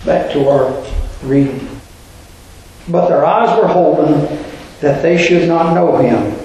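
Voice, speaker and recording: Male preacher, high voice, rhetorical sermon delivery, very echoey church. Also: expressive, slow pace, gravelly, warm tone, slight background noise. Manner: rhetorical, asks the congregation questions. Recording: very echoey room.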